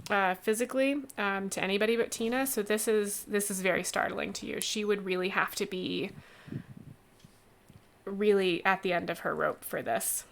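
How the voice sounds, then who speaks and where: A woman's voice: mid-range voice, normal speed, creaky, slight background noise. A woman narrating a tabletop game as game master, rambling with many fillers.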